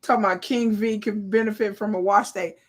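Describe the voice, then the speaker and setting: A woman, hosting a live watch party with blunt, profane, animated casual commentary. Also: mid-range voice, fairly quick. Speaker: live-stream host.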